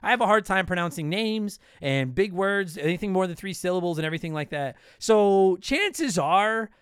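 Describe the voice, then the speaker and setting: A man's voice: high voice, lively intonation, moderate pace, a bit bright, clear, resonant tone, no room sound, studio quality. A man in his thirties from Canada hosting a casual solo podcast, answering listener questions in a blunt, profane, joking way.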